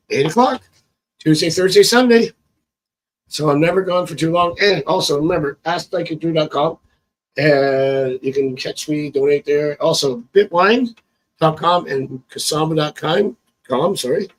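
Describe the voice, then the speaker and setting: A man with a rather high voice reads tarot cards on a live stream, chatting casually, thinking out loud and chuckling often. He's recorded on a phone, and the quality is low.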